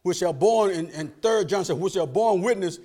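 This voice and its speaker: An animated, high-voiced male pastor preaches folksily at a moderate pace. His delivery swings between soft asides and shouted lines, and he asks for amens while laughing with the congregation.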